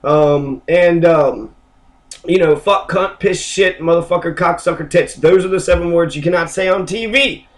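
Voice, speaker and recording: Brief: man, flu-sick, loose and profane, slightly high-pitched, casual vlog ramble. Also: normal speed. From Kentucky. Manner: rambling, profane, stop-start. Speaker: political video blogger.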